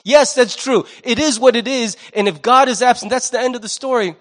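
A man in his forties preaching a sermon as pastor, animated, acting out the voices of the people he quotes. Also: extremely high pitch, a little fast.

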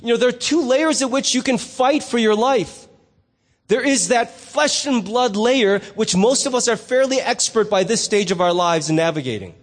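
High-voiced pastor preaching in a reverberant church. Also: male voice, animated, normal speed. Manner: conversational, with rhetorical questions. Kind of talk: sermon. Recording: long reverb in a hall.

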